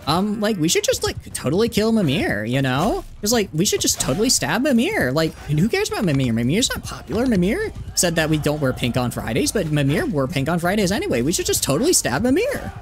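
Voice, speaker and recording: A man's voice: sits high, huge pitch swings, voice pushed up. A man doing a catty valley girl teen. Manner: condescending, drawn-out "like". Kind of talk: mocking impression during a game stream.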